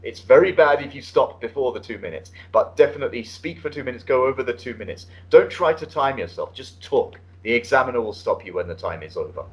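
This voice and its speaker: A man giving spoken feedback as an IELTS speaking examiner over an online call, relaxed and coaching, with many fillers and restarts. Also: medium pitch, quick pace, few pauses, rough recording. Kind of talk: spoken feedback on a mock test. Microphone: online video call.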